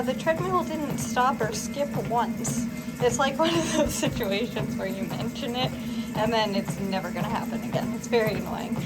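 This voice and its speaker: A young woman vlogging casually at home, chatty and rambling with lots of fillers and small laughs. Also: on the high side. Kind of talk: casual vlog chat. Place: home, indoors.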